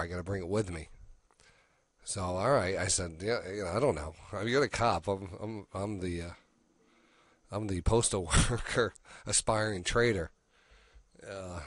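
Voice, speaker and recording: Low-voiced middle-aged man telling a story. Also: no echo, clean studio sound. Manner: rambling, with many restarts and quoted dialogue. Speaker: radio show host. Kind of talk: casual storytelling.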